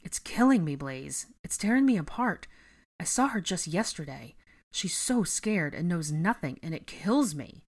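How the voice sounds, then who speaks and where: A woman's voice: fairly low pitch, sing-song, unhurried, exaggerated voice. A woman voicing an earnest young man worried about his friends.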